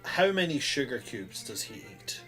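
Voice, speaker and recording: A man's voice: mid-range voice, very animated, normal speed, sharp tone, soft background music. A man voicing a fussy, anxious young elf groomer who mutters worriedly to himself in a tabletop game. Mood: earnest. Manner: mutters worriedly, fretting and precise.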